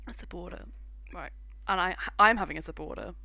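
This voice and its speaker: A young British woman streaming a video game, giggling often and swearing in animated, casual commentary at a close mic. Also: fairly low pitch, a little fast, vocal fry, dry recording.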